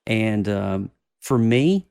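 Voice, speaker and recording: A man's voice: lowish voice, extremely slow, gravelly, clear, resonant tone, no room sound, studio quality. A man in his thirties hosting a podcast, chatting casually and laughing with his co-hosts as he leads the show. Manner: animated, laughing, swearing banter. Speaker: podcast host. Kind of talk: casual chat.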